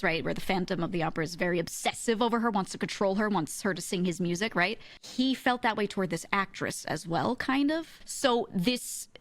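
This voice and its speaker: A woman streamer in casual chat, animated and giggly, often breaking into exclamations and laughter. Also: mid-range voice, vocal fry, dry recording.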